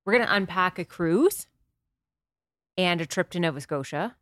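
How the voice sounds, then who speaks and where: A woman's voice: on the low side, lively intonation, fairly bright tone, no room sound, clean studio sound. A woman hosting a podcast, chatting casually and playfully with her husband and laughing easily. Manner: playful, bubbly and quick to laugh. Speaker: podcast host.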